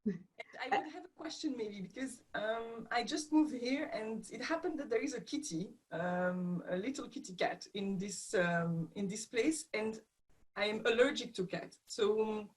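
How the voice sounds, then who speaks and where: Woman with French accent, halting delivery, video call participant. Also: on the high side, poor audio. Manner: hesitant, searching for words with many fillers. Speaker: session participant. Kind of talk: casual group video call.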